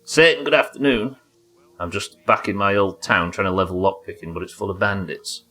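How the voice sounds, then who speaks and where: There's little pitch movement in this man's fairly quick, sharp-toned voice, with soft music playing behind him. He's streaming gameplay live, chatting casually, cursing and joking, and yelping high whenever a fight turns tense.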